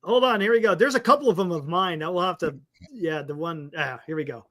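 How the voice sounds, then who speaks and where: A man's voice: high-pitched, fast, sharp tone. A man co-hosting a sports talk show, enthusiastic and chatty, saying "dude" a lot. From United States. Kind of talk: casual banter.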